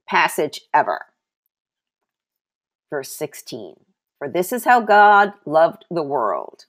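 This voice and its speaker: A woman's voice: extremely low pitch, sing-song, a little slow. A woman giving a devotional Bible teaching, mixing scripture reading with her own testimony and repeating key phrases for emphasis.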